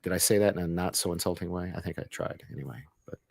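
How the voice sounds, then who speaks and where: Very deep-voiced man chatting on a podcast. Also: creaky, no echo. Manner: halting, repeats words while searching for them. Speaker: podcast co-host. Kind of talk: casual live-stream chat.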